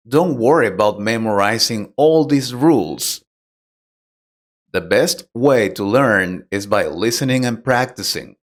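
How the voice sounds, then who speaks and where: A man teaching a pronunciation lesson, explaining plainly and patiently and putting direct questions to the learner. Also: on the low side. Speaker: English teacher. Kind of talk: slow, deliberate English lesson.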